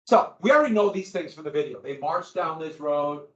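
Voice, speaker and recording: A man's voice: a little high, a little fast. Guy teaching history class, voice swoops all over, echoey room, kinda muffled recording. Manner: animated, jumps between asides and acted quotes. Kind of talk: classroom lecture. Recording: roomy, dull lo-fi classroom recording.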